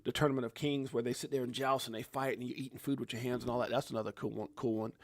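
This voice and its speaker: A man's voice: medium pitch, fairly even intonation, racing, dry recording. A man in his forties hosting a livestream, casually reading out and answering viewer comments, laid-back and chatty. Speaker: livestream host.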